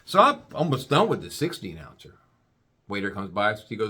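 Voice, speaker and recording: A man telling a comic story in a drawn-out, playful way. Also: on the low side, breathy edge. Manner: animated, drawn-out comic buildup.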